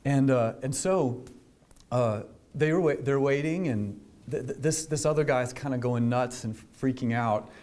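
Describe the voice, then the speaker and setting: A government official speaking to a business audience, telling a story in a conversational way, with many fillers and restarts. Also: male voice, medium pitch, a little slow, a little mellow. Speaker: government official giving a speech.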